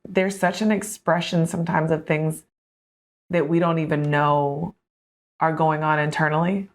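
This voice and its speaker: Low-voiced woman host telling a story. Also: a little slow. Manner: storytelling, animated, laughs often. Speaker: podcast host. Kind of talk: conversational interview.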